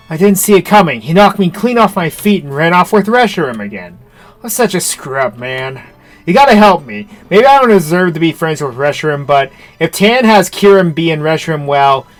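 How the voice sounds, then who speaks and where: A man voicing a worried, self-blaming young trainer friend, reading game dialogue in an anxious, pleading way. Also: on the high side.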